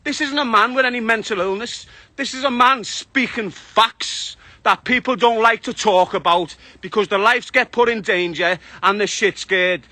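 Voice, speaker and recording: High, bright-voiced man ranting. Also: moderate pace, dry recording. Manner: passionate, ranting, heavy swearing. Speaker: live stream host. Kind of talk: angry monologue on a live stream. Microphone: phone.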